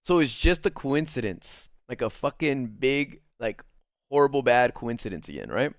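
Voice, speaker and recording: A man's voice: mid-range voice, expressive, moderate pace, no echo, studio quality. A young man streamer telling a personal story in casual chat, rambling with lots of fillers and the odd swear. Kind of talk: casual storytime while gaming.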